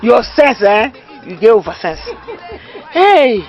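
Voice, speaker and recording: An actor playing an excitable, gullible village man in Nigerian Pidgin, full of loud exclamations. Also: very high-pitched, takes it slowly, dull audio, some chatter behind, full character voice. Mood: excited. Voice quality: exclamatory, squealing. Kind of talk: comedy film acting.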